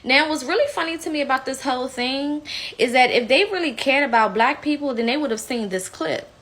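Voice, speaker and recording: A woman's voice: high voice, a little fast, fairly bright tone. A woman giving heated, blunt opinion commentary, indignant and outspoken. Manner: slips into mocking impressions.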